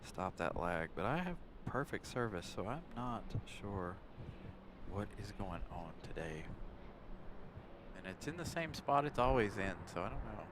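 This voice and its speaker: His fairly low voice has a sing-song lilt and a measured pace as he chats and laughs with viewers on a casual phone live stream. He's outdoors by an airport on a windy day, and loud wind and traffic noise dominate the recording.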